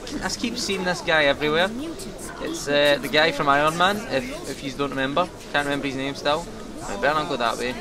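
A young man giving casual, jokey commentary while playing a video game, talking to his viewers. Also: fairly high pitch. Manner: chatty, jokey, talks to viewers. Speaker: gaming commentator. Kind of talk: casual let's-play commentary.

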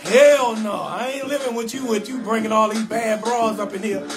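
Guy with a real high voice doing a loud comedy rant on a livestream, music going in the back. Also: normal speed. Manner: animated, acts out both sides of a conversation, frequent "hell no". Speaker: comedian hosting a live call-in show.

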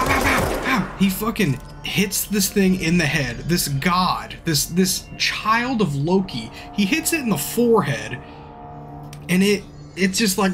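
Young male streamer, rambling, animated, salty, pitched a bit high, faint music behind. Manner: rambling, swearing, animated storytelling. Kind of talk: live-stream gameplay commentary.

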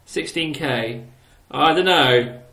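A man's voice: fairly high pitch, slow, vocal fry, bright, forceful tone. A man hosting a casual gaming channel, giggling and teasing his old builds with playful exclamations. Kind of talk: casual gameplay commentary. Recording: roomy echo.

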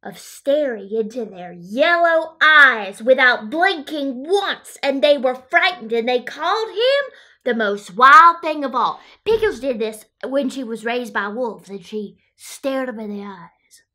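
A woman's voice: high voice, animated, measured pace, bright, forceful tone, full character voice. A woman playing Pickles, a quirky childlike woman who says she was raised by wolves, reading a picture book aloud with chatty asides about herself in the third person. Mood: storytelling. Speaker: storyteller.

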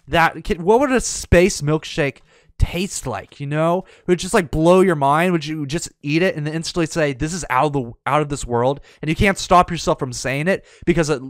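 A man giving casual gameplay commentary, excitable and panicky, with dramatic pleading and sarcastic, mock-indifferent asides. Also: a little high, no room sound. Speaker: gaming YouTuber.

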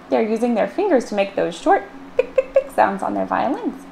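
Over music, a woman librarian reads a picture book aloud at storytime in a very animated, medium-pitched voice with vocal fry and a moderate pace. She playfully acts out the sound words, swinging her voice widely.

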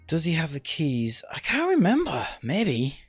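Sarcastic gamer with wild pitch swings. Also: male voice, wildly swooping pitch, measured pace, soft background music. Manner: chatty, sarcastic, swearing, sudden loud outbursts. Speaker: let's play gamer. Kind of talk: casual gameplay commentary.

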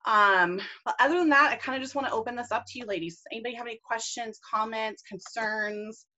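A woman's voice: a little high, quick pace, sharp tone, dull audio. A woman leading a team video call, enthusiastic, casual and gushing as she encourages her group. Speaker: team leader and mentor.

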